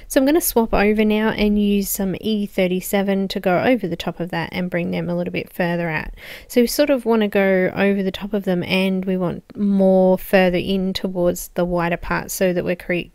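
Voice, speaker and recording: A woman, slightly hoarse from losing her voice, calmly talking through a coloring tutorial. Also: lowish voice, moderate pace, no room sound. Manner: calm, explanatory, with frequent um and so. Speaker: art tutorial host.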